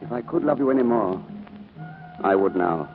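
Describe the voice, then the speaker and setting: An actor in 1940s radio acting, playing a devoted husband who speaks tenderly and reassuringly. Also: male voice, lowish voice, lively intonation, moderate pace, close to an everyday voice. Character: devoted, protective husband, middle-aged. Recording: narrow-band 1940s radio broadcast with music.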